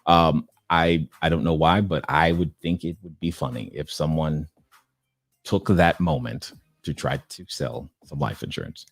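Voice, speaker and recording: A man's voice: rumbling low, unhurried, no room sound, clean studio sound. A middle-aged man hosting a casual livestream, reading viewer questions aloud and riffing on them with easy chuckles. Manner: relaxed, chuckling, reads questions aloud and riffs. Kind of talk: casual live-stream chat.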